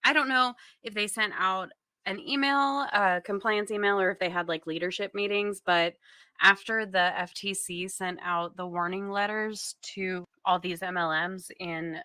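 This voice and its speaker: A woman's voice: mid-range voice, fairly even intonation, normal speed, bright, forceful tone, clear, resonant tone, no echo. A woman hosting a casual commentary video, talking in a chatty, wry way with many fillers. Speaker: commentary channel host.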